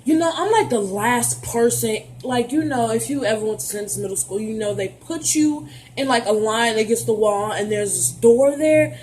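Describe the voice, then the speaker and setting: A young adult woman tells a story to her viewers in a casual vlog, her voice a touch high. She is animated and sassy and swears freely. A faint hum of room ambience sits behind her. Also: moderate pace. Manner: playful, addresses viewers directly. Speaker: vlogger.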